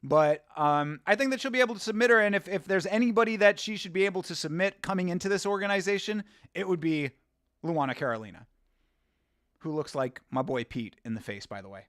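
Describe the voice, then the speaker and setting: A man's voice: sits high, a little fast, a bit bright, no echo, studio quality. A man hosting a live watch-along stream, chatting casually, rambling and laughing as he reads from chat.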